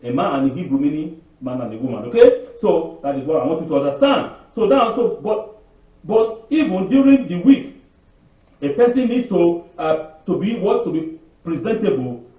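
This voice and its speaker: This is another informal, wandering sermon from a Canadian spiritual leader's weekly Torah talk, animated and at a moderate pace. He asks himself rhetorical questions, answers them, and mimics others with sharp pitch jumps, all picked up in a distant, echoey, phone-quality room recording.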